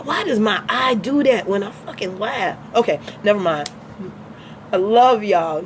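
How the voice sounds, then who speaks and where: A woman's voice: medium pitch, animated, a little slow, slight background noise. A woman vlogging in a casual monologue, blunt and profane, laughing often between lines.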